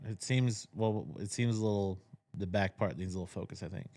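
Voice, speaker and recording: A man's voice: on the low side, brisk, warm tone. A man co-hosting a podcast in a cigar shop, bantering casually, teasing the others and laughing often. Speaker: podcast co-host. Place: cigar shop used as a studio.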